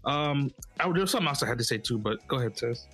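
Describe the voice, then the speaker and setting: A man's voice: medium pitch, animated, very fast, bright, forceful tone, breathy edge, soft background music. A young man, father of a toddler, chatting casually in a playful, rambling, self-mocking way. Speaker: podcast co-host, father of a toddler. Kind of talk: casual chat.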